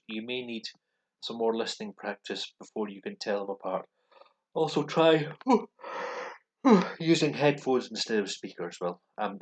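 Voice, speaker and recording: Deep-voiced Scottish man, hesitant. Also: poor audio. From Scotland. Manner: hesitant, many ums and restarts. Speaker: language learner vlogger. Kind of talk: casual explanatory walkthrough. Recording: voice with computer speakers playing.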